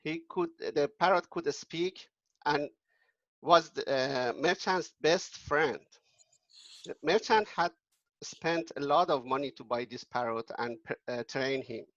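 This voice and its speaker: A man tells an old folk tale casually to a group. His slightly high voice halts and restarts often. The sound is dry and a little dull. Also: a bit bright, dry recording. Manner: halting, with many restarts and fillers. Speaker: storyteller. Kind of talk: casual storytelling.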